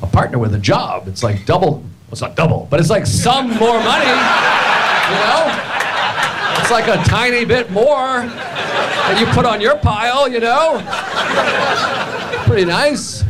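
A man performing a stand-up comedy set with deadpan, animated storytelling. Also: very high-pitched, a little slow, long pauses. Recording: loud background noise. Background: audience laughter.

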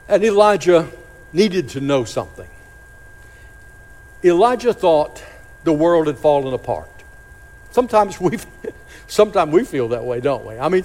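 A man preaching a sermon, dramatic, slowing and dropping to a hush on key phrases. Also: fairly high pitch. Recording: long hall reverb.

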